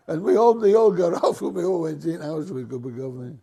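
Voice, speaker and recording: A man's voice: fairly high pitch, lively intonation, a little fast, gravelly, hardly any pauses, dark tone, slightly rough. An older man, a retired bus driver recalling anecdotes and chuckling as he tells them. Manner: chuckling, jumps into voices for quoted people. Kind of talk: reminiscing anecdote.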